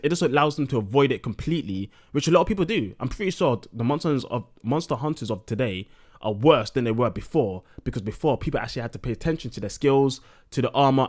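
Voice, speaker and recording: A young man streaming live, talking a little drunk with slightly slurred words and ranting bluntly with plenty of swearing. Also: medium pitch.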